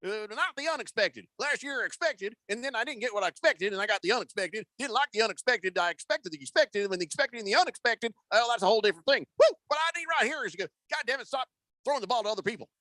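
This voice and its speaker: A man doing an impression of a blustery old male football team owner, rambling, boastful and shouting. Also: extremely high pitch, animated, fast talker, dry recording, studio quality, voice pushed up, exaggerated voice. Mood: blustering.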